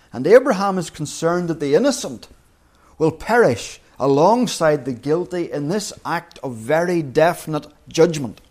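A man preaching an evening sermon, reflective and measured, slowing down to read scripture aloud. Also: on the high side, darkish tone.

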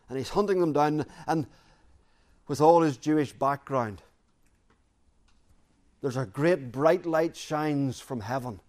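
A man preaching a sermon, earnest and deliberate, repeating key phrases for emphasis. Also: on the high side, darkish tone.

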